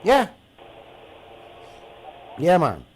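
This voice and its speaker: A man with a Guyanese accent hosting a radio talk show, telling stories in an animated, indignant way and repeating himself. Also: sits high, very slow, breathy edge, rough recording. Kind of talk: heated talk radio monologue.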